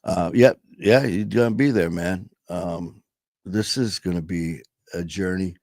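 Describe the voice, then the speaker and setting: A man with a very deep voice talks in a loose, rambling monologue, leaning hard on words and swearing freely. He sounds like a show host speaking casually to his audience. The recording is dry and close, with no room sound. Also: measured pace, darkish tone, dry recording. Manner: rambling, emphatic, peppered with swearing.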